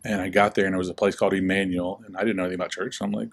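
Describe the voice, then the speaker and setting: Chatty young man with a lowish voice. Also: rapid-fire, creaky. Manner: relaxed, chatty, acts out quoted voices with lots of "like". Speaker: guest speaker. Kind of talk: casual storytelling interview.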